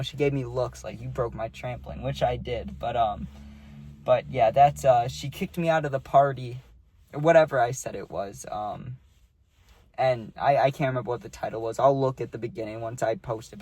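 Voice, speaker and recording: A man's voice: medium pitch, normal speed, darkish tone. Young man rambling through a storytime. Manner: rambling, full of fillers like "dude" and "like". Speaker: vlogger. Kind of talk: casual storytime.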